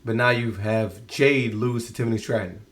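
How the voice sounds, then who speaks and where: A man's voice: medium pitch, normal speed, fairly bright tone. A man giving a casual spoken review of a show, exasperated and rambling, often restarting his sentences.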